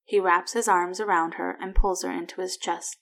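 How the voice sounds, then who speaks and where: A woman reads a story aloud in a slightly low voice. Her delivery is soft and even, sinking to a hush in quiet moments. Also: moderate pace. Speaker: narrator. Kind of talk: fan fiction reading.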